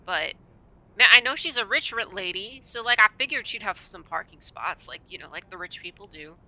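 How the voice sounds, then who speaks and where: A woman's voice: on the low side, pushed and bright. A woman streamer reading a visual novel aloud, breaking off into rambling asides full of stammered repeats.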